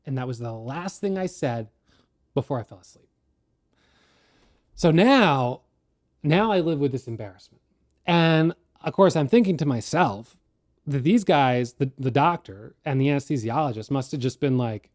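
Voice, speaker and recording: A man with a somewhat high voice tells his viewers a story in a casual, animated way. He is candid and self-deprecating as he talks through a stressful day. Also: normal speed. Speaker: day trading educator.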